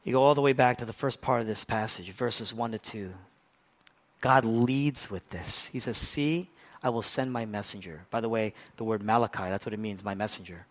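A pastor delivers a sermon in a rhetorical, repetitive cadence, his voice on the low side at a normal speed. He sinks to hushed, almost whispered lines before building to loud, impassioned passages.

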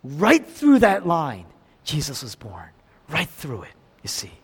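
A man preaches with a lively, swooping delivery in a slightly high voice. He pushes hard on key phrases, then drops to a hushed near-whisper. Long reverb from a large hall trails behind his words. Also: takes it slowly, breathy edge. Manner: dramatic, swings from loud emphasis to hushed near-whispers. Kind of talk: sermon.

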